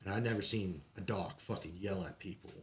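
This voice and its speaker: A man's voice: deep voice, fairly quick, slight background noise. A man telling his military stories as a podcast guest, in casual storytelling style, swearing freely and laughing often between lines. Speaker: podcast guest, Marine veteran.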